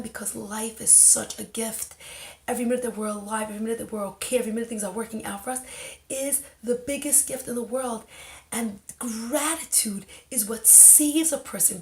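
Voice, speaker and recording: A woman's voice: fairly high pitch, vocal fry. Emotional woman telling a story, echoey room. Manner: emotional, intense retelling with dramatic voicing. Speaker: podcast host. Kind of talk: personal story and inspirational talk.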